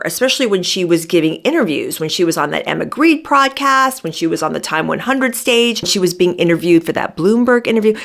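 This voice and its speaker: Woman commentator, worked-up sarcastic monologue, slightly low register. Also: fairly bright tone. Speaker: commentary vlogger. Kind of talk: opinionated monologue.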